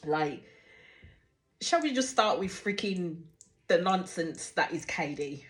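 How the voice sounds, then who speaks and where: Animated, swearing woman reviewing a TV show. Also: on the low side. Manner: animated, swears freely, trails off and restarts. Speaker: reality TV reaction host. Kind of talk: casual video review.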